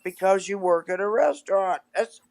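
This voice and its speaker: A woman's voice: medium pitch, lively intonation, normal speed, gravelly, a crowd in the background. An older woman, the host's mother, chatting on a live stream in a teasing, folksy, rambling way. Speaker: guest, mother of the host. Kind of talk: casual live-stream chat.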